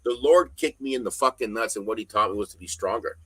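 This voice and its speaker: A middle-aged man with a low voice and a hard, forceful edge, talking as a podcast guest. He rants bluntly and swears constantly, stressing words hard. The sound is close and dry. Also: fast, slightly rough, no room sound, poor audio. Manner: blunt, heavily profane, emphatic ranting. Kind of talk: casual podcast conversation.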